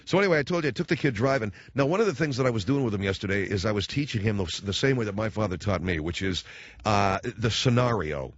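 A man's voice: on the low side, lively intonation, fast talker, dry recording. A man in his forties delivering a rambling, self-mocking comedic monologue as a radio host. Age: 40s. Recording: slightly dull lo-fi recording.

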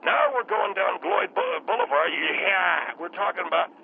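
A man doing a cranky old grandpa, a retired lawyer, who rambles and bickers on a comedy call-in. His phlegmy, gravelly voice swings up and down and comes through a tinny phone line with faint hiss. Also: high-pitched, huge pitch swings, moderate pace, exaggerated voice. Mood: grumbling. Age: older. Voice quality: throat-clearing, phlegmy. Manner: rambling, combative, loses his words. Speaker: radio caller.

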